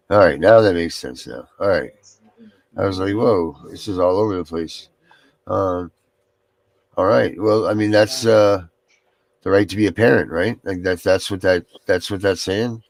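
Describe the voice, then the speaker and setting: A man's voice: sits low, moderate pace, vocal fry, no room sound. A man hosting a casual livestream chat, talking in a rambling way with many fillers. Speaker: show host.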